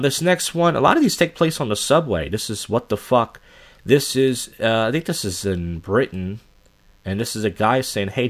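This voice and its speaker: A man talks over clips with crude, mocking commentary, his voice rising and falling a lot as he reacts. He laughs often and moves casually from one clip to the next. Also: fairly low pitch. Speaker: reaction video host.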